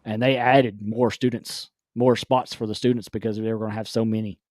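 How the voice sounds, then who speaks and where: A man's voice: lowish voice, little pitch movement, brisk, darkish tone, no echo, clean studio sound. A man hosting a casual live-stream chat, rambling with restarts and frequent laughs. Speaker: podcast host.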